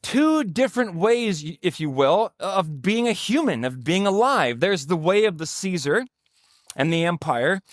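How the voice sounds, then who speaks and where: A man's voice: a little high, animated, a little slow, no echo, studio quality. A man preaching a sermon as pastor, emphatic and repeating his phrases for effect.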